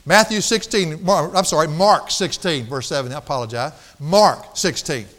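A man's voice: a little high, normal speed, fairly bright tone, big-room sound. A man preaching a sermon, emphatic, drawing out key words and laughing at his own stories. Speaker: pastor. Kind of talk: expository sermon.

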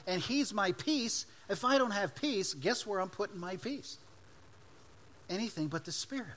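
Emphatic preacher, a fairly high male voice. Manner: emphatic preaching, swinging between loud and hushed. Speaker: pastor. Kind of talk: sermon.

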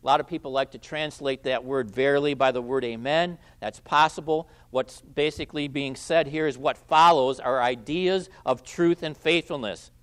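Emphatic preacher man, mid-pitched. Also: normal speed, few pauses. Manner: emphatic, repeats key phrases, swings between loud stresses and quiet endings. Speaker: pastor. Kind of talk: expository sermon.

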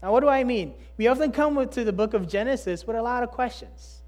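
A preacher delivering a sermon, emphatic and full of rhetorical questions, swinging between loud and hushed delivery. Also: medium pitch, fast talker.

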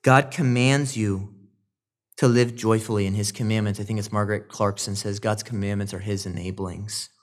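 A man preaching a sermon, animated and rising loud on emphasis, with quoted asides. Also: lowish voice, moderate pace. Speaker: pastor.

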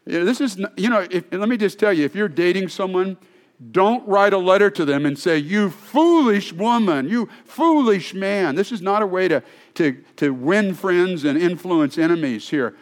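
A man's voice: high voice, normal speed. A male pastor preaching a sermon in a conversational, storytelling way, often restarting his sentences.

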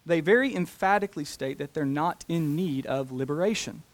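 A man preaching a sermon, talking deliberately and slowing down to stress key phrases. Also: on the high side. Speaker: pastor.

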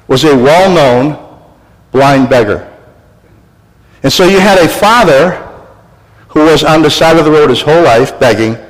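A man preaching a sermon as pastor, animated, acting out voices and crying out for emphasis. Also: a little high. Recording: long hall reverb.

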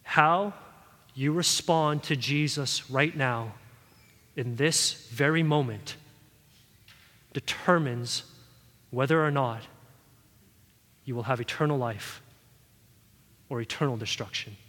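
A man preaching a sermon in a church hall, earnest and pleading, his voice swelling louder at key points. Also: medium pitch, slow pace, long pauses. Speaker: pastor.

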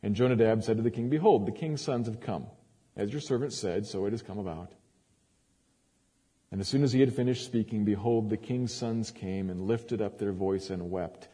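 Dark-voiced man reading scripture in a hall. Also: on the low side, normal speed. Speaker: preacher. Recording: long hall reverb.

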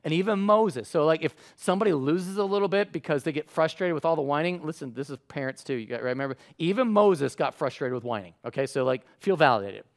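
Guy giving a sermon, chatty and animated, slightly higher voice, plays out the quotes. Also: fast, hardly any pauses. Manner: conversational preaching with animated acted-out quotes. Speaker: pastor.

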